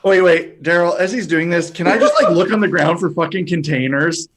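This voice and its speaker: Brief: male player, a little high-pitched, crude jokes, heavy background noise. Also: fairly quick. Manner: swearing, joking, eager. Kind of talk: casual tabletop game chat.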